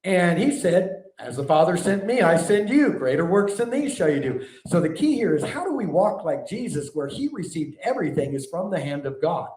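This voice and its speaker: A man preaching a sermon to a live audience, animated and conversational, often asking the room questions. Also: sits high, normal speed, hardly any pauses. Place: large hall before a live audience. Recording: echoey hall, mic at a distance.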